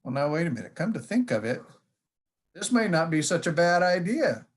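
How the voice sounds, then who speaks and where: A man's voice: a little high, sing-song, normal speed, slightly rough. A man giving a conference presentation in a folksy storytelling manner, with jokes along the way. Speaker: conference speaker. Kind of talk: presentation talk.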